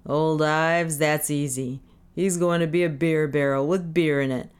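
A woman's voice: deep voice, fairly even intonation, unhurried, smooth. A woman voicing a drunk, good-natured but needling ship captain who talks in a boisterous, mocking, slurred way. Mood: jovial.

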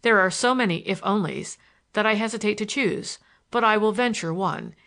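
A woman reading a storybook, voicing a bold young gentleman who talks with confident, teasing assurance. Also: medium pitch, normal speed, close to an everyday voice. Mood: earnest. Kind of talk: audiobook character voice.

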